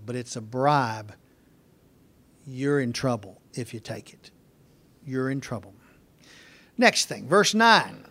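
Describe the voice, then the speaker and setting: A man's voice: mid-range voice, a bit bright. A middle-aged man preaching a folksy sermon, acting out family conversations as he goes. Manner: folksy, acts out family dialogue.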